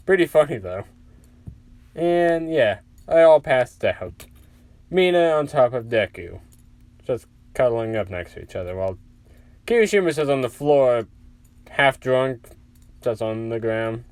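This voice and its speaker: A man's voice: medium pitch, lively intonation, a little slow, long pauses, darkish tone, no echo. Rambling young man telling a story. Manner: rambling, full of "like" fillers. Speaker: fan-fiction narrator. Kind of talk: casual storytelling.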